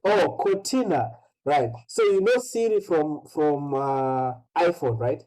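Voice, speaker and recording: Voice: medium pitch, lively intonation, takes it slowly, dark tone, low-quality recording. An English pronunciation teacher tutoring one student, patiently explaining and checking in with "right?" after nearly every phrase.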